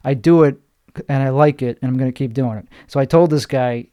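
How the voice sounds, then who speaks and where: A man's voice: mid-range voice, fairly quick, mellow, clear, resonant tone, no echo. Blunt, profane young man, dry sound. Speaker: stand-up comedian guest. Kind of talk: casual podcast chat.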